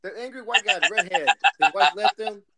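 A man's voice: high voice, fairly quick, a crowd in the background. A man co-hosting a podcast in casual chat, loose and slangy, often chuckling. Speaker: podcast co-host.

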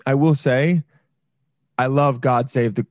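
A man's voice: mid-range voice, fairly even intonation, slow pace, no echo, clean studio sound. A man hosting a podcast, chatting casually over a video call, joking and trailing off into restarts. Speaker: podcast host. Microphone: headphones on a video call.

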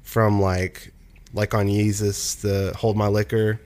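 Laid-back young man, low voice, rambling. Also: flat delivery, slow, darkish tone. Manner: rambling, many fillers and restarts. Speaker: musician and producer guest. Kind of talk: casual conversation.

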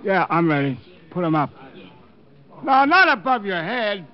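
A dim, bragging prizefighter whose voice sits high for a man, all tough-guy slang and slow to catch on. It comes through a dull, lo-fi old radio recording of a 1950s radio play. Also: big pitch swings. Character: dim-witted boastful boxer, adult man. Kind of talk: 1950s radio drama acting.

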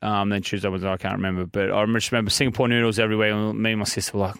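A young man with an Australian accent, chatting loosely and joking, with plenty of fillers. His voice is lowish and smooth. The sound is close and dry. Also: little pitch movement, rapid-fire, a bit bright, dry recording. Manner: rambling, joking, lots of fillers. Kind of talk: casual chat.

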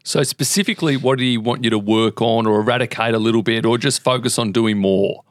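A man's voice: mid-range voice, fast talker, no room sound, studio quality. A man hosting a podcast interview, asking short prompting questions. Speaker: podcast host.

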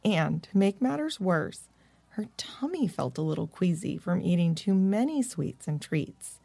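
Low gravelly woman storyteller. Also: unhurried, no echo. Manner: gentle, expressive reading. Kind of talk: children's bedtime story narration. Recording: dry close-mic recording.

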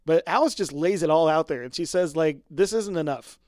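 A man co-hosting a podcast, chatting casually about a TV episode, animated and laughing often as he acts out the characters' lines. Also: a little high, fairly quick, dry recording, studio quality. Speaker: podcast co-host. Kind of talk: casual chat recapping a TV episode.

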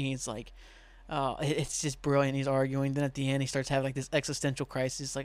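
A man's voice: mid-range voice, little pitch movement, quick pace, no echo. A young man hosting a podcast in casual, rambling chat, laughing often and swearing now and then. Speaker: podcast host.

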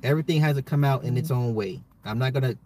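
A man's voice: mid-range voice, quick pace, mellow, a little hiss or hum. A man, a father, hosting his own commentary podcast, talking straight to listeners in an emphatic way and often repeating himself. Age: adult, a father. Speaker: podcast host. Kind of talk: solo social commentary podcast.

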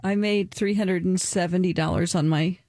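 A woman's voice: lowish voice, steady tone, normal speed, darkish tone, no room sound, studio quality. A woman co-hosting a morning radio show, chatting casually and explaining things at length. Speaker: radio co-host. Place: radio studio.

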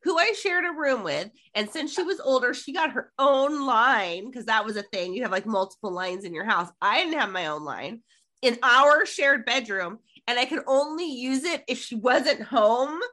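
A middle-aged woman co-hosts a casual podcast, walking through an episode scene by scene. Her voice sits a little high and rings bright. She slips into the characters' lines as she retells them. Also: normal speed. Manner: animated storytelling, quotes lines from the show. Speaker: podcast co-host. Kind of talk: casual episode recap chat.

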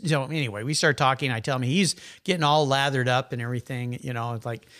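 A man's voice: mid-range voice, quick pace. Chatty middle-aged man telling stories. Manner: animated, chatty, rambling anecdotes. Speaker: guest, car enthusiast. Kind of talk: casual conversational storytelling.

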